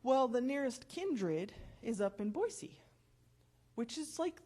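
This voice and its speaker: A woman in her forties stands before her church and shares her testimony in a chatty, storytelling way. Her voice swings widely in pitch as she recounts the story. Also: big pitch swings, takes it slowly, dark tone. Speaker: church member giving testimony. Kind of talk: personal testimony.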